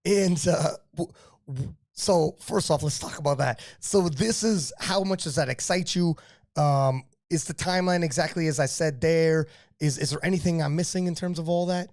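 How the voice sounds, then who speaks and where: Excitable man hosting a podcast. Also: a little high, normal speed, no room sound, clean studio sound. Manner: excited, rambling hype with repeated words. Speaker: podcast host. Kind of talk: live podcast interview.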